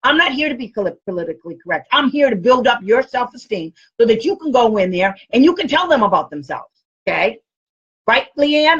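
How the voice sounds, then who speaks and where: A woman's voice: on the high side, fairly bright tone, husky, muffled recording. A woman special education advocate talking casually to camera, blunt and outspoken, often laughing as she speaks.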